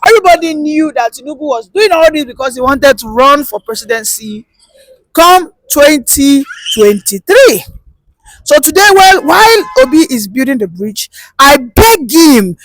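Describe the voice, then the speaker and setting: A woman holds forth in passionate political commentary. Her voice sits high and sounds dry and close. She drives her arguments home with rhetorical emphasis and repetition. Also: fairly bright tone, dry recording, poor audio. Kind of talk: opinion commentary.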